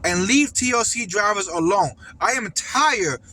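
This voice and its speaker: A man's voice: sits high, lively intonation, measured pace, bright, forceful tone. A man, a car service driver, ranting angrily from inside his car and cursing a lot. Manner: heated, cursing, exasperated. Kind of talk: angry vlog rant.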